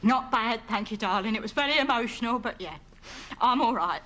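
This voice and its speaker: A woman's voice: fairly high pitch, lively intonation, brisk, bright, forceful tone. A woman playing a chatty, blunt, gossipy elderly grandmother in a comedy sketch. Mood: fond. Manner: chatty, dropping sly asides.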